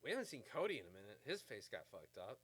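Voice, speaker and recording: A man's voice: lowish voice, wildly swooping pitch, fast talker, fairly bright tone, husky. A man in his thirties ranting casually to camera. He rambles, curses freely and fills his talk with "uh" and "like". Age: 30s. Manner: profane, rambling, full of fillers. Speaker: vlogger.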